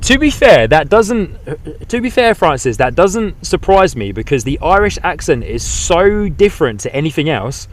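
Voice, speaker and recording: A man's voice: a little high, big pitch swings, normal speed, hardly any pauses. A man hosting a live plane-spotting stream outdoors at an airport, chatting in a rambling, easygoing way. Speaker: livestream host.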